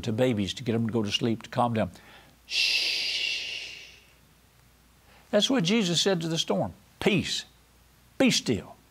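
A man delivers a televised sermon. He talks in a folksy, storytelling way and acts out the voices of the people he quotes. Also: medium pitch. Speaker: pastor and TV host.

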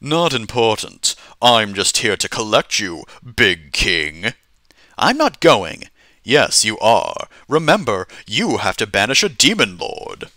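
A man voicing a smug, dismissive male lord in a text adventure game, speaking in slow, drawn-out lines. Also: on the low side, sing-song, pushed and bright, no echo, full character voice.

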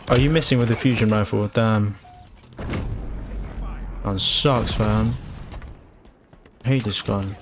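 A young man, excitedly commentating his own gameplay and trash-talking opponents. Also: on the low side, slow, pauses often, noisy background. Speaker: gamer. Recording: game music in background.

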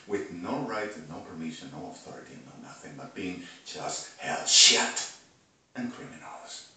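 Man, agitated rambling monologue, low voice, loud outbursts and muttering, distant mic, very echoey room. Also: normal speed. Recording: very echoey room, voice far from mic, faint hiss.

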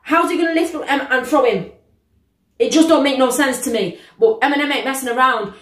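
A woman reacting to a song, exclaiming often and pausing to repeat and explain the lyrics. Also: sits high. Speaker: music reaction vlogger. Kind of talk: reacting to a song, casual commentary. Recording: echoey room.

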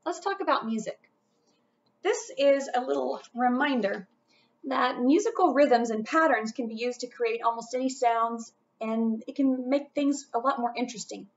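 A woman's voice: fairly high pitch, muffled recording. A woman teaching an upbeat music lesson to children, chanting rhythm syllables along the way.

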